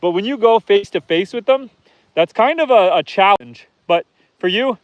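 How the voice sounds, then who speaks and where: A homesteader hosts a relaxed outdoor live stream from his farm, chatting with viewers, reading their comments aloud, and calling to his animals. His voice sits high and sounds animated at a moderate pace. The audio is dull, with no echo.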